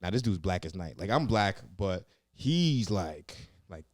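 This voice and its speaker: A young man with a very low voice tells loose, profanity-laced stories in a casual podcast chat, leaning on "like" and "yeah." The sound is close and dry, with no room around it. He talks in easy, meandering bursts. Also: big pitch swings, unhurried, a little mellow, no room sound. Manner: rambling, profane, heavy on "like" and "yeah". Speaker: comedian and former Marine recruit, podcast guest. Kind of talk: casual storytelling interview.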